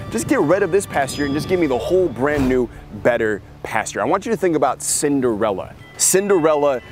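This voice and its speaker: A man hosting a podcast, giving an emphatic motivational marketing talk and acting out characters as he tells stories. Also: fairly high pitch. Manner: emphatic storytelling, acts out characters. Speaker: podcast host.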